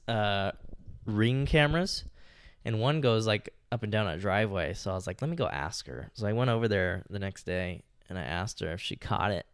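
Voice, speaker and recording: A young man co-hosting a podcast speaks in a lowish, smooth voice on a dry recording. Chatting casually, he rambles through a story with frequent swearing and a steady stream of "like" and "you know."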